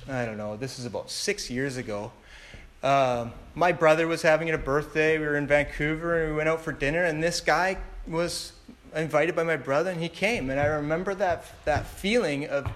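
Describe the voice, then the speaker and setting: A man's voice: fairly high pitch, a bit bright. Man telling a rambling personal story. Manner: rambling, with many fillers and restarts. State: tearful. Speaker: speaker sharing a testimony. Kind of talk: personal testimony talk.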